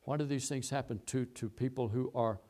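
A man's voice: mid-range voice, steady tone, brisk, dark tone. A middle-aged man preaching a sermon, telling a long story and repeating key phrases as he goes. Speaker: pastor.

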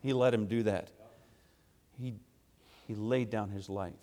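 A man preaching a sermon, swinging from quiet low asides to loud, emphatic, rhythmic repetition. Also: fairly even intonation, unhurried.

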